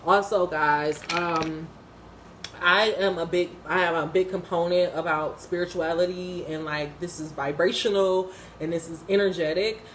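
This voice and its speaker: A woman's voice: fairly low pitch, fairly even intonation, normal speed, a bit bright, reverberant, a little hiss or hum. Blunt, impassioned woman reviewing a TV episode. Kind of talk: unscripted casual commentary.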